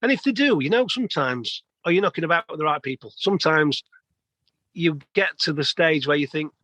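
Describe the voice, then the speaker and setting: A man's voice: on the high side, animated, a little fast, sharp tone, dry recording, low-quality recording. A man, a plumber telling stories as a guest in a casual interview. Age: 50s. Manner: chatty storyteller, many restarts.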